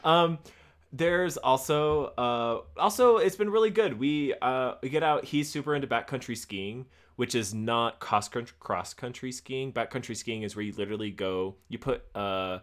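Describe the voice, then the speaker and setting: A man's voice: medium pitch, moderate pace, clear, resonant tone. A man in his thirties, a podcast co-host, talking casually with a lot of rambling, swearing and laughter. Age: 30s. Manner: rambling, profane, laughs often. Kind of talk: casual chat.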